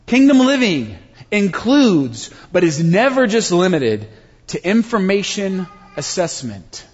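A male pastor delivers a sermon, swinging between forceful emphasis and hushed near-whispers. His voice sits high and husky and swoops widely in pitch. The sound is muffled and rings with a long hall reverb. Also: very animated, slow. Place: church sanctuary.

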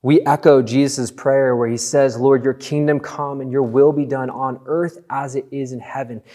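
A man's voice: mid-range voice, steady tone, mellow. Earnest male pastor preaching. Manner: earnest, conversational preaching with emphatic slow phrases. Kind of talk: sermon.

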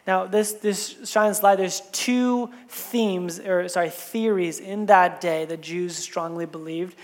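A woman pastor preaching a sermon in a church sanctuary, her voice ringing out with a long hall reverb. She tells the story conversationally, slipping in casual, chatty asides as she goes. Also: lowish voice.

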